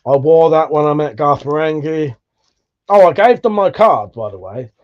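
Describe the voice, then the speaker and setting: A man's voice: a little high, expressive, moderate pace. Laid-back British man, dull lo-fi audio. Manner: laid-back, swears freely, chuckles often. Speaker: livestream host. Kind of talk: casual live chat, reading out viewer comments.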